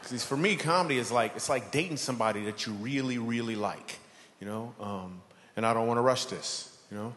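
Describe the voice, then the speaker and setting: A man performing a stand-up comedy set, telling animated stories and acting out characters. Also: mid-range voice, brisk. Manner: animated storytelling, acts out characters. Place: church hall with a live audience. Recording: long hall reverb, audience noise.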